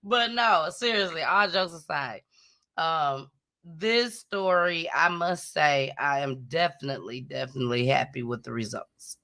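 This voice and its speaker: A woman hosting a casual commentary show, talking in an animated, chatty and emotional way. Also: sits low, a little slow. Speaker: host.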